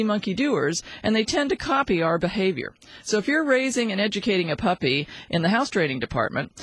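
A woman's voice: medium pitch, husky, dry recording, poor audio. A woman presenting a scripted segment of pet-care tips in an upbeat, chatty and playful manner. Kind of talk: scripted radio tip segment.

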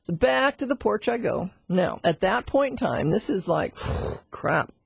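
Chatty, husky middle-aged woman teacher. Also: medium pitch, a little slow, no room sound, clean studio sound. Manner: chatty, animated storytelling with asides to the listener. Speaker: animal communication teacher. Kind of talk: storytelling lesson.

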